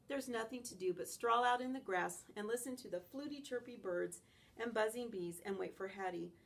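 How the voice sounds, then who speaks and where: A woman reading a children's novel aloud in an expressive, animated first-person style. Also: medium pitch, creaky. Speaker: audiobook reader.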